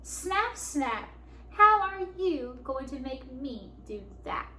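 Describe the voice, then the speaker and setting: A woman voicing a mocking male crocodile bully with a slow drawl. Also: sits high, sing-song, sharp tone, a little hiss or hum, full character voice. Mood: sneering. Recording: echoey room.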